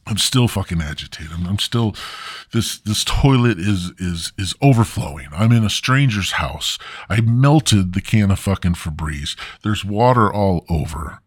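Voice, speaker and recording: A man with a low voice tells a crude, profane comic story as a podcast host. He rambles and exaggerates as he talks. The recording is dry, with no room sound. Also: expressive, a little slow, slightly rough, no room sound.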